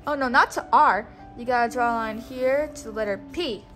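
A woman teaching a child one-on-one, speaking slowly and patiently and repeating words for the child to say back. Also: fairly high pitch, fairly bright tone, soft background music. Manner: slow, coaxing, repeats words for the child to echo.

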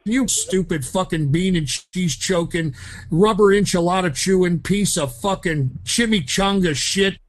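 A man making prank phone calls, ranting loudly and swearing hard at the people he calls. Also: high voice, a little slow, no room sound. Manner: loud, profane, ranting. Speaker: prank caller host.

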